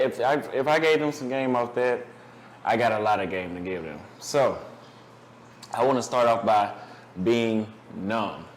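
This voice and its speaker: A young man talks straight to camera in a loose, profane vlog, rambling through dating advice and a personal story. He restarts often and swears freely as he goes. A faint hiss sits under the voice. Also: mid-range voice. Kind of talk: casual monologue to camera.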